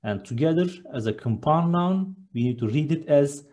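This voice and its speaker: A man teaching a vocabulary lesson, speaking slowly and carefully and repeating each word for learners. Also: on the high side, expressive, warm tone. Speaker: language teacher. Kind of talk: slow, clear vocabulary lesson.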